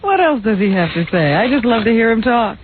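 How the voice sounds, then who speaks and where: A woman's voice: fairly high pitch, sing-song, a little fast. A woman co-hosting a radio show, reading the news in a chatty, giggly way. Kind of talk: casual news reading and banter. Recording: lo-fi phone-like radio recording.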